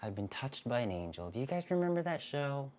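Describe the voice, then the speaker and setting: A man hosting a live-streamed card reading, talking gently and soothingly, often repeating himself. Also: medium pitch, very animated, a little fast. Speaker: spiritual card reader, live stream host.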